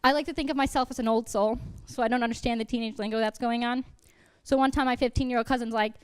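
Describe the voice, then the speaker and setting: A young woman doing stand-up in a deadpan, self-deprecating way. Her voice sits a little high and sounds smooth and clear. She is on a stage mic in a college TV studio. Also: quick pace. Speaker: stand-up comedian. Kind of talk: stand-up set.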